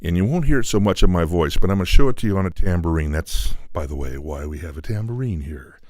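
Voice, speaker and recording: A man's voice: low-pitched, expressive, fast, a little mellow, no room sound. A man demonstrating studio equipment in a loose, explanatory way with frequent fillers, speaking into a studio microphone and moving on and off it. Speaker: equipment designer demonstrating a preamp. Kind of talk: technical product demonstration.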